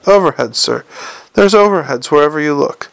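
Man voicing a gravelly working-class old foreman. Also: a little high, animated, moderate pace, fairly bright tone, no room sound. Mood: patient, explaining. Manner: broad working-class speech, talks like explaining to a child. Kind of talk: audiobook character voice.

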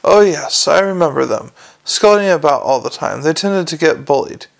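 A man voicing a feverish, power-obsessed nobleman in an audiobook, quiet and self-assured. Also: a little high, animated, moderate pace, creaky. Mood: silky. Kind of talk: audiobook character reading.

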